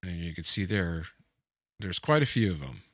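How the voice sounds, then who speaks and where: A man casually demonstrating guitar software on screen, thinking aloud with lots of fillers and easily pleased by each feature. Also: deep voice, animated, normal speed, no room sound, clean studio sound. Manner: easily delighted, keeps saying it's cool. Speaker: gear reviewer walking through software. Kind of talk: casual screen-share demo.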